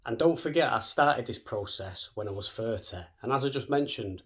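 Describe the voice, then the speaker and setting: A man, chatting straight to camera at a quick clip. He is cheeky and sweary, with a middle-range voice. He keeps a joking, casual tone throughout. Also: medium pitch, animated. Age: 30s. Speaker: vlogger.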